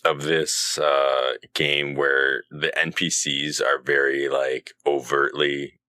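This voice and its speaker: Very deep-voiced man chatting about games. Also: flat delivery, slow, sharp tone, dry recording. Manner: rambling, laughs often, acts out game characters. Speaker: podcast co-host. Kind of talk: casual gaming podcast chat.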